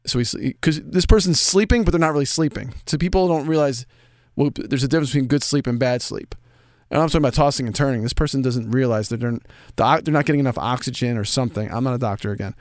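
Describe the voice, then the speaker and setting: A man's voice: mid-range voice, fast talker, no echo, studio quality. A man co-hosting a casual chat show, enthusiastic and repeating himself as he reads listener mail. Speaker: co-host reading listener mail.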